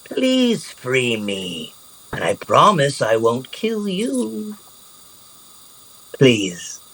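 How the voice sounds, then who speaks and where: A man voicing a desperate, pleading male gnoll prisoner, wheedling and high. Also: huge pitch swings, very slow, fairly bright tone, heavily acted, low-quality recording.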